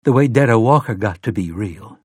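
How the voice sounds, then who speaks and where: A man's voice: on the low side, animated, brisk, breathy edge, no echo, clean studio sound. A man voicing a wry, stubborn heroine's thoughts. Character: determined wry woman thinking to herself.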